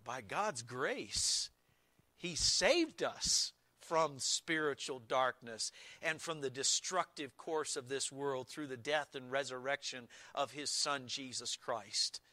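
A man preaching a sermon as pastor, slow and deliberate, stressing key words with emphatic repetition. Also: medium pitch, expressive, pushed and bright, dry recording.

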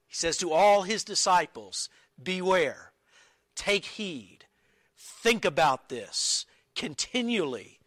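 A man delivers an earnest expository sermon, reading Bible verses slowly and deliberately, leaning on key words and making small restarts. His voice is a little high and a bit bright, with no echo.

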